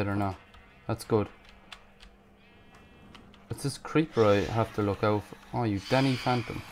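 A man giving casual gameplay commentary, panicking, swearing and yelling at enemies. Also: fairly low pitch, slight background noise. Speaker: gaming YouTuber.

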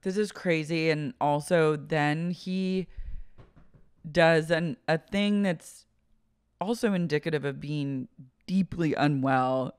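A woman's voice: low-pitched, slow pace, darkish tone, clear, resonant tone. A woman co-hosting a podcast, chatty and laughing, retelling reality-show drama in casual talk with plenty of swearing. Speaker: podcast co-host. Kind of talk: casual recap chat.

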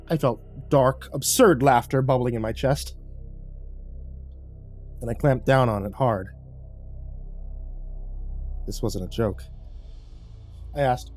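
A man narrating a horror story in a dramatic, expressive way. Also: medium pitch, a little slow, pauses often, faint music behind.

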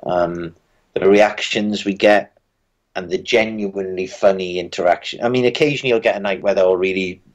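A British musician guest in a casual interview, telling dry, wry anecdotes with frequent restarts. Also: male voice, deep voice, steady tone, fairly quick, dull audio. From Britain.

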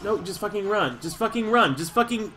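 A man hosting a let's play, talking through the game and shouting and swearing at it. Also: high-pitched, lively intonation, brisk, soft background music. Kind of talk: gameplay commentary.

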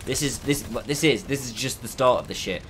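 A gamer with a medium-pitched, fairly bright voice narrates a shooter game at a moderate pace, frustrated, exasperated and swearing heavily. Slight background noise can be heard.

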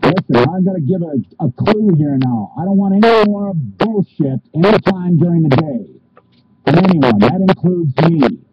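A man's voice: fairly high pitch, animated, normal speed. Swearing man fumbling a promo script. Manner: swears constantly, exasperated, loses his lines. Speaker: presenter of a promotional video. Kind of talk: blown takes from a product video shoot. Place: on a hot video set with flies around. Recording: dull lo-fi old video with loud hiss.

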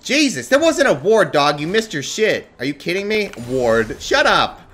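A man streaming a game, ranting and swearing at other players, swinging from low mutters to shouted outbursts. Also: sing-song, moderate pace, faint music behind. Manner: tilted, swearing, ranting at teammates and enemies. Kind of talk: live gameplay commentary.

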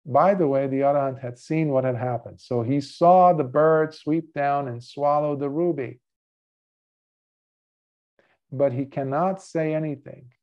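A male Buddhist monk giving a dharma talk, telling a story in an earnest, measured way. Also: a little high, a little mellow. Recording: dull lo-fi recording.

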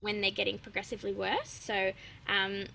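A woman's voice: mid-range voice, level tone, normal speed, vocal fry, pushed and bright, slight background noise, low-quality recording. A young adult woman, chatting openly as an interview guest, with lots of fillers and frequent laughs. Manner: open, chatty, laughs often, many fillers. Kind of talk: casual interview chat.

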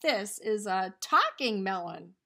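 A woman reading a storybook aloud, voicing a big, gullible male elephant in a lower, slow, amazed voice. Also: big pitch swings, creaky, sharp tone, full character voice.

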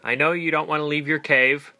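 A man hosting a let's play, talking casually over his game in an animated voice that often breaks into exclamations. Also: a little high, fairly quick. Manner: animated, exclaiming and laughing in dismay. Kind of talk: casual gameplay commentary.

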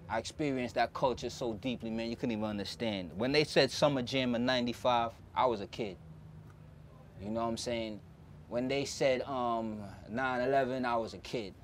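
In an interview with slight background noise, a young man with a mid-range voice and a Jamaican accent keeps things loose and casual. He speaks patois-tinged street English and keeps dropping "you know what I'm saying."

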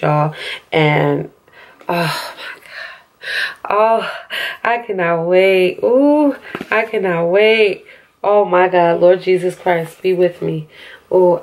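A young woman vlogging a makeup haul, excitable and gushing, talking straight to her viewers. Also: fairly low pitch. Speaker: beauty vlogger and store employee. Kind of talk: casual haul vlog.

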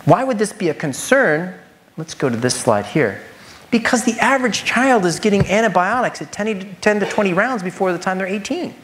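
A man presents a lecture as a nutritionist, speaking animatedly, firing off rhetorical questions, and addressing the audience directly. His voice sits high, and his pace is moderate.

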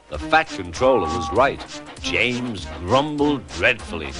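A man reads a children's railway story aloud in a slow, measured way, with a lively rise and fall in his voice. Music plays behind him. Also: medium pitch. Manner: measured, expressive reading. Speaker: narrator. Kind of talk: storybook narration.

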